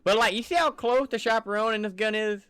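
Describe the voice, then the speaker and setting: A man's voice: sits high, fast, a bit bright, clear, resonant tone, dry recording. A man giving casual, enthusiastic commentary over gameplay footage in a loose, conversational way. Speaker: gaming channel creator.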